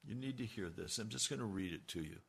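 A man preaching a sermon, slow and emphatic, his voice rising on key lines. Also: on the low side, expressive, gravelly, husky. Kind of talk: radio sermon.

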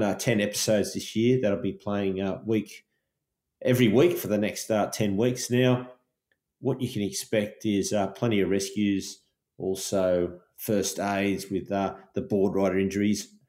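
Australian man, podcast host, low voice, easygoing chat, roomy echo. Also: darkish tone.

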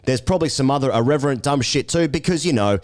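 An Australian man hosting a podcast, reading a jokey intro and chatting with a wry, deadpan humour. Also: medium pitch, quick pace. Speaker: podcast host. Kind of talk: scripted show intro then casual chat.

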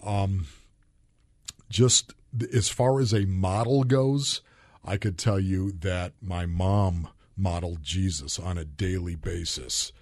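A man's voice: deep voice, fairly even intonation, slow pace, a little mellow, dry recording, studio quality. A man from Buffalo, New York, a former football player, telling personal stories as a podcast guest in an earnest and openly emotional way. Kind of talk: candid personal storytelling.

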